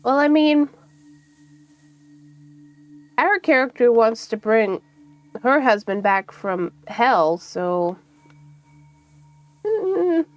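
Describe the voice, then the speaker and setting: A woman's voice: on the high side, expressive, slow, pauses often, highs cut off, faint music behind. A woman streaming a video game, reading its text aloud with casual asides. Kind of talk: casual let's-play commentary.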